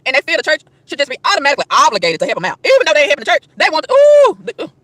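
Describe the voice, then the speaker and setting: A woman vlogger rants preachily at the camera in a park, her high, bright voice swinging hugely in pitch. Rushing through rhetorical questions at breakneck speed, she stumbles and repeats words, captured in dry, close sound outdoors.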